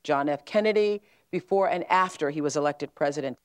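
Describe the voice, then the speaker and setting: A woman's voice: deep voice, a little fast. A woman hosting a talk show, interviewing a guest and affirming with frequent murmurs.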